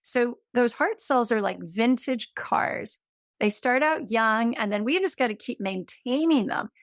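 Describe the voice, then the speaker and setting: A fairly high-voiced woman in her late fifties speaks as an interview guest, a little slow and expressive. She brings enthusiasm and everyday comparisons to explaining the science, in dry, close audio without room echo.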